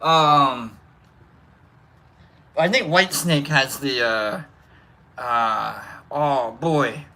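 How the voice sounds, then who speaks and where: A man's voice: medium pitch, drawn-out words, long pauses, bright, forceful tone. A man hosting a casual livestream, rambling, musing aloud between coughs and reading out chat comments. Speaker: livestream host.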